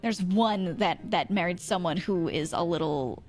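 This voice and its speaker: A woman's voice: lowish voice, a little slow, a little mellow. Young woman streamer, casual rambling chat, laughs a lot, faint music behind. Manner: rambling, laughs often, playful.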